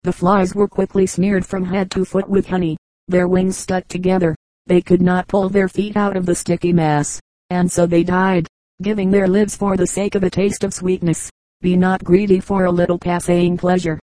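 A woman narrating an audiobook of animal fables in a measured, even storytelling manner. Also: lowish voice, dry recording, low-quality recording.

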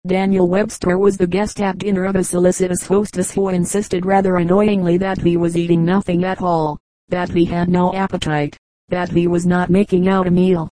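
Woman narrator, audiobook of short jokes, mellow dark tone, lowish voice, dry close mic. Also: no echo, poor audio. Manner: even, measured storytelling. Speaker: audiobook reader. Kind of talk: audiobook narration of humorous anecdotes.

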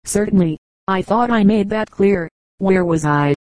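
Woman reader doing a matter-of-fact male traveling salesman, mellow voice, storybook. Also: mid-range voice, unhurried, dry recording, lightly acted, rough recording. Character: chatty puzzling male commercial traveler.

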